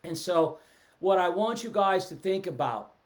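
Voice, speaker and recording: A middle-aged man giving a casual, animated sales talk on a live stream, seated and reading out viewer comments. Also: high-pitched, a little slow. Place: indoors, seated in a chair. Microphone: webcam or phone at a desk, seated.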